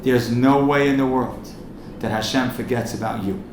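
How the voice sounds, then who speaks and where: A rabbi telling a story and then pleading passionately with the room at a fundraising event. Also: male voice, medium pitch, normal speed. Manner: impassioned, rising to urgent pleading. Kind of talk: storytelling speech and charity appeal. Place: event hall. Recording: echoey hall with faint noise.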